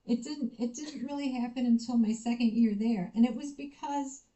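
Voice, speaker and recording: A woman's voice: fairly high pitch, moderate pace, poor audio. An American woman giving a university lecture, telling personal stories and acting out the dialogue. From United States. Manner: lively storytelling, acts out quoted dialogue. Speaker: visiting researcher giving a lecture. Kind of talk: conference talk with personal anecdotes.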